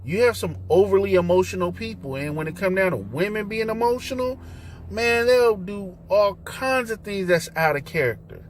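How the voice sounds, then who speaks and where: A man's voice: high-pitched, lively intonation, moderate pace. A man hosting his own talk vlog from inside his car, speaking in a loose, conversational way with slang and fillers as he preaches his point. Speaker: host.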